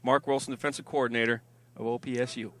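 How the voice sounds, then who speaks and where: A man calling a football game online, eagerly reading out viewer emails and shout-outs. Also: mid-range voice, level tone, quick pace. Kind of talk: live sports webcast commentary.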